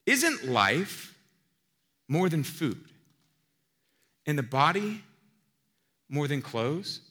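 A man preaching with a bright, forceful tone, and his voice rings out with long reverb through a large hall. He talks casually and asks rhetorical questions, jumping from loud emphasis to quiet asides. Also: on the high side, very animated, drawn-out words. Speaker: pastor. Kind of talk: sermon.

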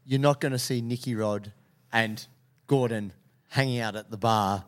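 A man hosting a podcast, chatting casually and thanking his guest warmly. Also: mid-range voice, steady tone, normal speed. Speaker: podcast host. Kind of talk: casual interview chat.

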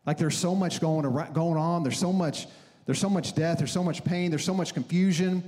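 A man's voice: fairly high pitch, normal speed, warm tone. A man in his thirties preaching a sermon on a church stage, telling stories animatedly and acting out his own frantic prayers. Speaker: pastor.

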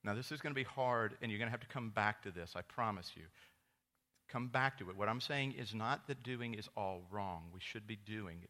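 A man preaching a sermon as pastor, telling stories with lively quoted voices that jump high and loud. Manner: storytelling with animated quoted voices, rising to loud high exclamations.

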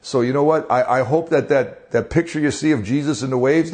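A man's voice: medium pitch, a little fast, a little mellow. A man preaching in a conversational devotional style, earnest, asking rhetorical questions and often repeating words as he goes.

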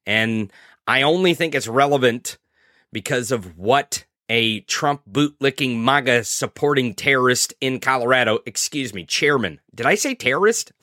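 A man's voice: medium pitch, bright, forceful tone, no room sound, studio quality. A man hosting a political podcast, talking in a profane, sarcastic, mocking way. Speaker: podcast host. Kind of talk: political commentary.

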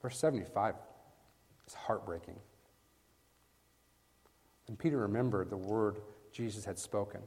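A man preaching a sermon with emphatic stress, swinging from hushed lines to loud bursts and often asking his listeners "right?". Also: fairly low pitch, unhurried, pauses often. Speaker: preacher teaching a Bible passage. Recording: long reverb from a large hall.

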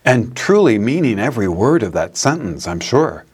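A man's voice: mid-range voice, very animated, moderate pace, husky. A man, a priest, preaching a sermon in a storytelling manner and laughing at his own anecdotes.

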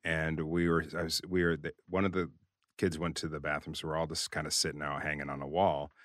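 An older man, a longtime radio disc jockey, telling a story on a podcast in a studio in an animated, self-deprecating way. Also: rumbling low, a little fast, no echo. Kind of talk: casual storytelling.

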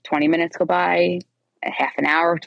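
Low-voiced woman telling a candid story. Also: moderate pace, creaky, no echo, dull audio. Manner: animated, acts out quoted dialogue. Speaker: guest telling her story.

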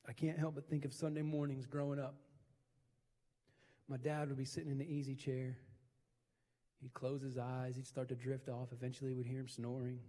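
A man's voice: medium pitch, warm tone, big-room sound. A middle-aged man preaching a sermon as pastor, building emphasis through repeated phrases. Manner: preaching with rising, emphatic repetition.

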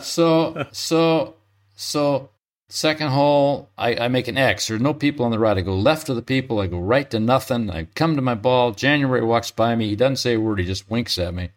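A man's voice: mid-range voice, moderate pace. An older man, a retired pro golfer, telling stories as an interview guest, chatty, often chuckling and restarting mid-sentence. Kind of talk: relaxed storytelling.

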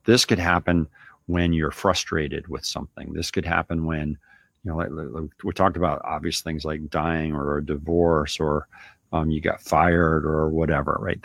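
A man's voice: very deep voice, creaky, no room sound. A man hosting a show, giving a casual coaching monologue in a loose, conversational way with lots of filler. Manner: loose, conversational, lots of "you know" and "right?". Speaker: business owner and show host.

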